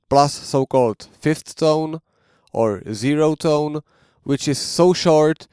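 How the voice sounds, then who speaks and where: A man gives a slow, patient language lesson. His voice is smooth and resonant, and it is recorded close and dry. He explains step by step and models each sound for the listener to repeat. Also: a little high, a little mellow, no room sound. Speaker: language teacher.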